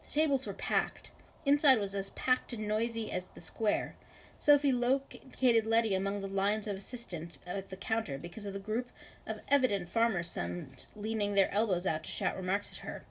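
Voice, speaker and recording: A woman reading a novel aloud in a measured, expressive way. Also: mid-range voice, rough recording. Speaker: reader.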